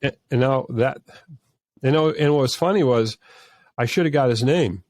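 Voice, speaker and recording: A man with a mid-range, slightly dark voice, speaking at normal speed, appears as a filmmaker guest on an interview podcast. He tells stories earnestly in a conversational way, with many restarts and false starts.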